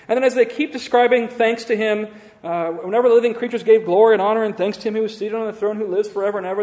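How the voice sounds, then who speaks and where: High-voiced man teaching scripture in a hall. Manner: reads scripture aloud and quizzes listeners. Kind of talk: Bible lesson. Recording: long hall reverb.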